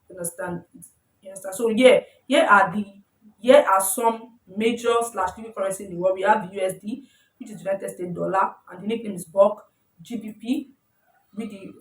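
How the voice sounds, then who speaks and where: A woman's voice: medium pitch, recorded from a distance. A woman teaching a casual tutorial. She often corrects herself mid-sentence and keeps checking in with "you understand?". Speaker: forex trading teacher. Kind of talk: informal tutorial explaining slides. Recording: roomy sound, voice away from the mic.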